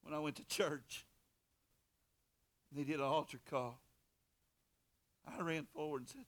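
A man preaching a sermon as pastor, fervent, swinging from soft to loud and repeating words. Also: on the high side, lively intonation, a little slow, long pauses.

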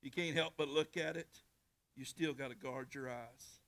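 A man's voice: mid-range voice, normal speed, creaky. Folksy preacher man. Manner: folksy, animated preaching with many restarts. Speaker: pastor. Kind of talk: sermon.

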